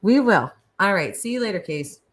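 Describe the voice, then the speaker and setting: A woman's voice: medium pitch, animated, moderate pace, rough recording. A middle-aged woman, hosting a casual live chat with callers, chatty, laughing often and restarting her sentences. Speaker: live stream host.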